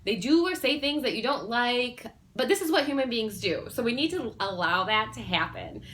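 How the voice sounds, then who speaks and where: A woman vlogger chatting straight to camera with a bright, forward tone. She rambles a little, fills gaps with ums and restarts her sentences. She sounds earnest as she shares her personal stories. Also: a little high, lively intonation, moderate pace. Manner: earnest and warm-hearted, sharing personal stories. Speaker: self-help vlogger. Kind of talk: casual talk to camera.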